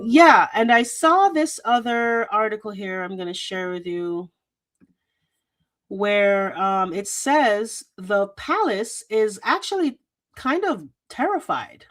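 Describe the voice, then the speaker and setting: A woman's voice: medium pitch, a bit bright. A woman hosting a livestream, chatting straight to her viewers and reading news articles aloud, with plenty of fillers, into a desk microphone. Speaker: show host. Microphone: desk microphone with a loose cable.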